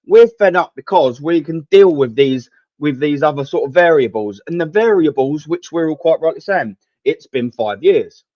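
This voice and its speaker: A man's voice: on the high side, lively intonation, moderate pace, hardly any pauses, darkish tone, no echo. A young man hosting a live football watchalong, ranting to his chat in an exasperated, sweary, rambling way. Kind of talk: live match watchalong commentary and rant. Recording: dull, lo-fi dry home mic.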